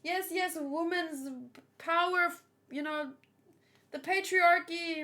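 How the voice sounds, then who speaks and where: A woman with a high voice talks slowly through a manga chapter as a read-along host. Her commentary is casual and playful, slipping into sarcastic asides. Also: steady tone, bright, forceful tone, slight background noise.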